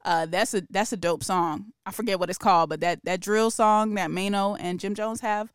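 Casual, smooth-voiced woman podcast host. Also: medium pitch, normal speed, no room sound, clean studio sound. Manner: relaxed, laughs easily, slangy. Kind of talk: casual news chat.

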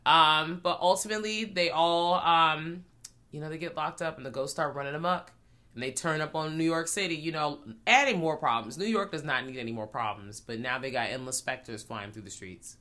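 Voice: medium pitch, fairly quick, sharp tone. A podcast co-host recapping a movie in casual, playful chat, often trailing off with fillers.

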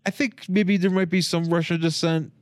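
A man's voice: high voice, steady tone, normal speed, no echo. A man co-hosting a casual film review chat, cracking jokes, laughing often and swearing. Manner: joking, laughs often, profane. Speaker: podcast co-host.

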